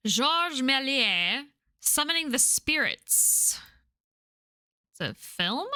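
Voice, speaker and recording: A woman streamer talks through a game, curious and chatty, muttering and laughing as she explores. Her voice is bright and a little high, picked up by a close mic with a dry sound. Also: sing-song, extremely slow, dry recording. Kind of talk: let's play commentary.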